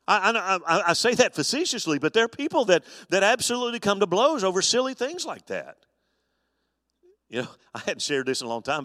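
A man's voice: a little high, fairly bright tone, no echo, studio quality. A man, a pastor, teaching an adult Bible study in a conversational, folksy preaching style with homespun stories.

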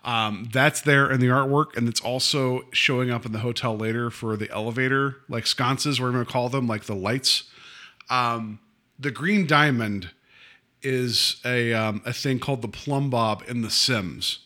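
A man's voice: medium pitch, moderate pace, bright, forceful tone. A man co-hosting a podcast, eagerly sharing theories about a TV episode and quizzing his co-host. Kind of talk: casual chat discussing a TV episode.

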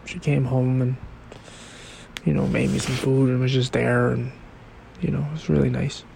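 A man hosting a podcast episode, telling a personal story in a halting, reflective and emotional way. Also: medium pitch, level tone, creaky, dark tone, a little hiss or hum. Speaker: podcast host.

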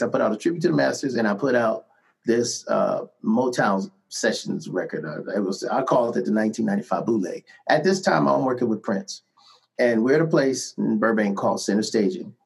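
A middle-aged man telling stories from his music career in a casual interview, animated and laughing often. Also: mid-range voice, gravelly, low-quality recording. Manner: animated anecdotes with frequent laughs and repeated "man" and "right?". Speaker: musician guest.

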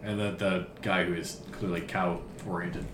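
Low-voiced man narrating a tabletop game. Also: little pitch movement, a bit bright, slight background noise. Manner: descriptive, unhurried with filler words. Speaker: game master. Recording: roomy echo with faint music.

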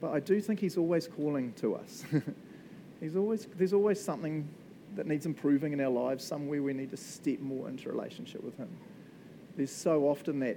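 A man gives a casual Bible talk, his voice mellow and warm. He keeps a relaxed, conversational rhythm, often tagging lines with a questioning "right?". A faint rumble hums beneath the recording. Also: normal speed, poor audio. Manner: chatty and relaxed, frequent "right?" and laughs. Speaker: pastor.

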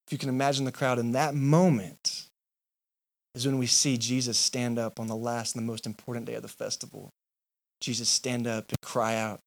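A man's voice: mid-range voice, fairly even intonation, brisk. A male pastor giving a sermon, with impassioned, repetitive rhetorical preaching.

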